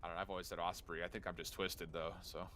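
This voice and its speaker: A man's voice: deep voice, flat delivery, rapid-fire, a crowd in the background. A man working as an esports commentator, laid-back and chatty, laughing often as he talks with his co-caster. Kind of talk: casual game commentary and banter.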